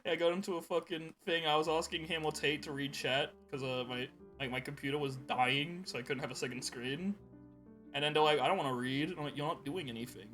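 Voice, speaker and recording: Bright-voiced young man telling stories. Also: on the high side, steady tone, a little fast, faint music behind. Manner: laughs often while telling rambling stories. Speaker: podcast co-host. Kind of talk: casual chat.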